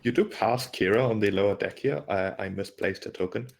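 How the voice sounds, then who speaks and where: A man's voice: fairly low pitch, a little fast, vocal fry. A man narrating as game master in a tabletop game, describing scenes hesitantly with frequent fillers and restarts.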